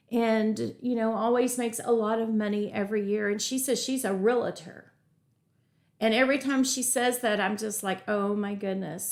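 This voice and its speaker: A middle-aged woman with a slightly high, gravelly voice teaches a live real estate webinar. Upbeat and chatty, she greets viewers from the chat and tells stories with asides as she goes.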